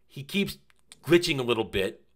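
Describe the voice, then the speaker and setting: A man giving a casual, animated review of a TV episode, repeating phrases for emphasis and swearing now and then. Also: mid-range voice, normal speed. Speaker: TV series reviewer.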